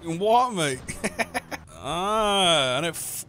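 A man's voice: sits high, lively intonation, extremely slow, sharp tone, a little hiss or hum. A young man in casual gaming banter with friends on voice chat, teasing them and laughing. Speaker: gamer. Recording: game music underneath.

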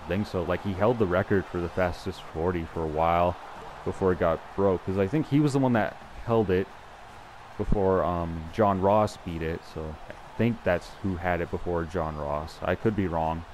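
A young man with a fairly low voice talks through his football video game as he plays. He is chatty and self-deprecating, thinks aloud and restarts his sentences, and a faint hum sits under his voice. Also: moderate pace, darkish tone. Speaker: gameplay commentator. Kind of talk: casual live gameplay commentary.

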